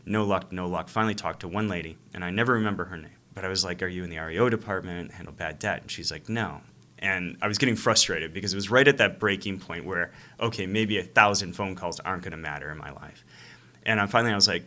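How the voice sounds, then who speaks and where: Man, very low pitch, crisp forceful tone, lively storyteller, casual interview. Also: quick pace. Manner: animated storyteller who acts out phone calls. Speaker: real estate investor and coach, interview guest.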